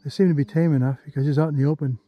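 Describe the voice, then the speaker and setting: A man narrating a hike to the camera on an outdoor canyon trail, easygoing and chatty, thinking aloud with pauses. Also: fairly high pitch, fairly even intonation, muffled recording, soft background music. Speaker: travel vlogger.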